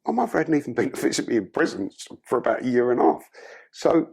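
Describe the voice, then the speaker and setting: Gravelly, husky man. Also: medium pitch, big pitch swings, quick pace, a little mellow. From London. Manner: blunt, profane storytelling. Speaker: podcast guest. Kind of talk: candid life-story interview.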